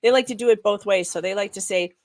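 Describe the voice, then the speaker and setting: A woman's voice: mid-range voice, fast talker, a little mellow, dry recording. A woman journalist speaking as a guest on a casual live stream. She is blunt and outspoken and swears freely. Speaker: journalist and commentator.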